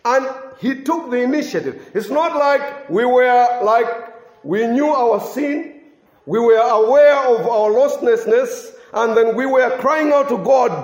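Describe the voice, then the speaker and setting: A man's voice: high voice, measured pace, darkish tone, reverberant. A man preaching a sermon with emphasis, repeating key phrases for weight.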